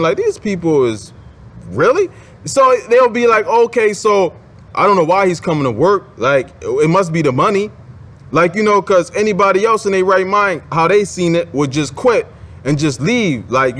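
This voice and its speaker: A man's voice: a little high, a bit bright. A man telling a personal story in a casual, rambling monologue, with many fillers and restarts. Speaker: advice vlogger.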